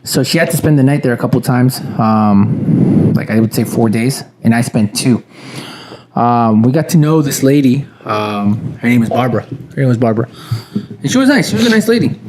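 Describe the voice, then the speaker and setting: A man's voice: medium pitch, moderate pace, noisy background. A young man co-hosting a podcast, telling a story in loose casual talk and swearing freely. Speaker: podcast co-host. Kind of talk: casual chat.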